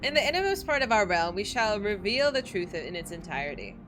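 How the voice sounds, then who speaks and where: A woman's voice: mid-range voice, big pitch swings, a little fast, noisy background, lightly acted. A woman reading aloud the formal, archaic lines of a solemn ancient deity from a game.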